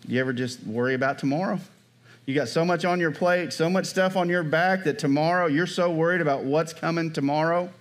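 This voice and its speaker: A pastor preaching a sermon in a conversational way, often checking in with the congregation by asking "Amen?" and "right?". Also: male voice, a little high, steady tone, a little fast.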